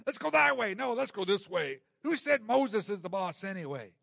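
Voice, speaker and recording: A man's voice: sits high, sing-song, normal speed, gravelly, pushed and bright, dry recording, studio quality, pitched above the performer's own voice, heavily acted. A male pastor voicing a whiny, nagging desert wanderer who complains about the heat and thirst, in a sermon. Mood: whiny grumbling.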